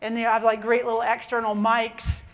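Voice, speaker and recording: A middle-aged woman with a Canadian-Scottish accent gives a keynote in a large conference hall. Her voice sits fairly high and she stays enthusiastic and chatty, calling out to the crowd. She speaks into a lapel mic. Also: completely flat delivery, normal speed. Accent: mixed Canadian and Scottish. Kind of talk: lively conference talk.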